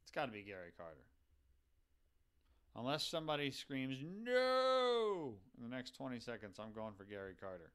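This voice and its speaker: A man chats casually while playing a baseball video game live, thinking out loud as he goes. He keeps turning to his viewers to ask for their advice, in an easy, conversational way. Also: lowish voice, fairly quick, long pauses, clean tone. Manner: thinks aloud, chatty, asks the viewers for advice.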